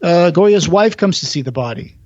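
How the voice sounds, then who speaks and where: Animated man retelling a story. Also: high-pitched, moderate pace, dry recording, highs cut off. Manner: animated retelling, acting out quoted lines, many fillers and restarts. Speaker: podcast co-host. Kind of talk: casual chat, retelling a play's plot.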